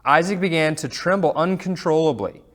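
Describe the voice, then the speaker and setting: A man teaching a Sunday school class, reading scripture aloud and chatting in a relaxed way with fillers and asides. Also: on the high side, normal speed. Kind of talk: casual Bible lesson with reading aloud.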